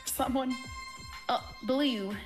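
A woman chatting casually while playing a team video game, excitable and quick to squeal and laugh. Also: sits high, over music. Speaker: game player. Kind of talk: casual gaming chat.

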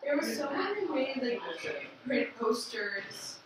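A woman's voice: high voice, big pitch swings, slow pace. Hesitant young woman far from mic. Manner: hesitant, full of "like". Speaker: student. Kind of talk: classroom question. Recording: distant, echoey, noisy room.

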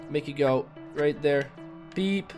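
A man hosting a gaming video, giving casual, excitable play-by-play commentary and exclaiming and swearing often. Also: fairly high pitch, moderate pace. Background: faint background music.

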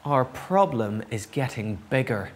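A man's voice: mid-range voice, animated, a little slow. A man voicing a glum, worried little acorn.

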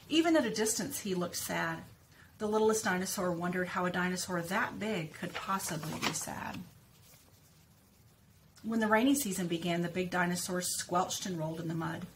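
Woman speech teacher, lower voice, clear deliberate articulation, story read-aloud with drills. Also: a little hiss or hum. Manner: slow, clearly stressed repetition of target words. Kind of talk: reading a picture book aloud with word practice.

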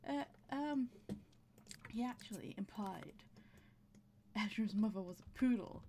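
Female gamer narrating her play, chatty and laughing, gravelly fry and audible breaths over faint hiss. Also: medium pitch, animated, unhurried, mellow. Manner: chatty, talks to her game characters, laughs often. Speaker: gameplay commentator. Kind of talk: casual gameplay commentary.

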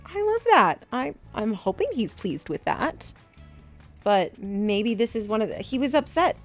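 A woman in her thirties chatting excitedly as she opens graded trading cards, gasping and repeating herself. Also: on the high side, normal speed, faint music behind. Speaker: card collecting vlogger. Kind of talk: excited unboxing chat.

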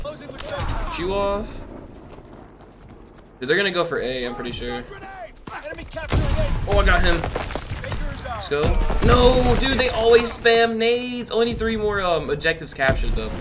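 Excitable young man calling out gameplay. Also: medium pitch, noisy background. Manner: excitable, chatty, slangy, laughs and exclaims often. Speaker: gaming youtuber. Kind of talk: live gameplay commentary.

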